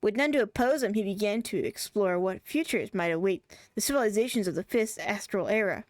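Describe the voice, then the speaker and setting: A woman's voice: medium pitch, brisk, a little mellow, no room sound, faint music behind, lightly acted. A woman reading as an earnest ancient guardian. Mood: grave. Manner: dramatic game-dialogue reading. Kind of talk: reading game dialogue aloud.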